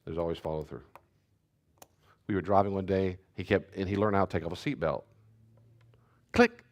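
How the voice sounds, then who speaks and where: A man pastor giving a teaching talk and answering questions, telling family stories in an animated way. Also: low-pitched, fast talker. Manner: animated storyteller, acts out family scenes.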